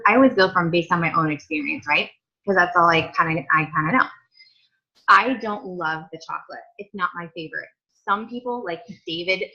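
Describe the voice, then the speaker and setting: A woman's voice: fairly low pitch, pushed and bright. A woman leading a sales team training, chatty and upbeat with lots of asides. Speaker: team leader. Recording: dull lo-fi audio.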